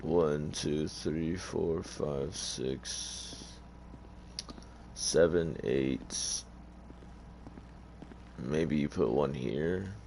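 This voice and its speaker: A man's voice: very deep voice, very slow, creaky, pauses often, darkish tone, a little hiss or hum. A tired man giving casual, rambling gameplay commentary in an offhand, hesitant way. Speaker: gamer.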